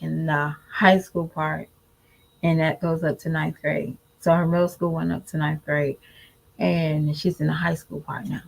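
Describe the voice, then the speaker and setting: A woman's voice: on the low side, vocal fry, rough recording. A woman giving candid, preachy commentary to her viewers in a casual vlog. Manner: candid, preachy, animated mimicry. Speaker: vlogger.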